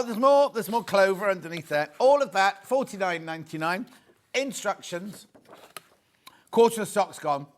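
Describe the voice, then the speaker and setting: A British man presenting on a live TV shopping channel, chatty and excitable, repeating prices and bantering with the studio crew. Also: high voice.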